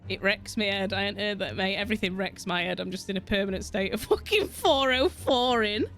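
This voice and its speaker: A woman's voice: medium pitch, lively intonation, a little fast, a bit bright, soft background music. Giggly, swearing woman streamer. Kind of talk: casual gameplay commentary with chat.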